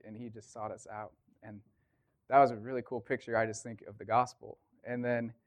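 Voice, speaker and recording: Man casually telling a mission story. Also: lowish voice. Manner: animated, laughing, quoting people in conversation. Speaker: mission trip member.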